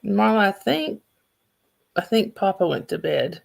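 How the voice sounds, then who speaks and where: A woman with a Southern accent hosts a livestream, rambling and chatting casually with viewers and restarting sentences. Her mid-range voice is gravelly, with lively intonation and a measured pace.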